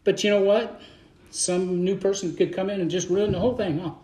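With a high-pitched, warm, steady voice, a Baptist pastor preaches fairly quickly to his congregation inside a church sanctuary. He speaks fervently in a folksy manner and often repeats words, and the room's acoustics are echoey.

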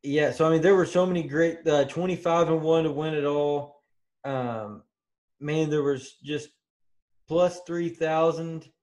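Easygoing podcast co-host, slightly high voice. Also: male voice, a little slow, a little mellow. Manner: easygoing, conversational with fillers. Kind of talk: casual sports podcast chat.

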